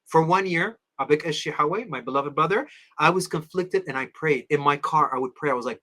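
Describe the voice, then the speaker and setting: A man's voice: fairly high pitch, fast talker. A middle-aged man, an Orthodox priest, telling a personal story in an interview, acting out the people he quotes. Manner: animated storyteller, acts out quoted voices.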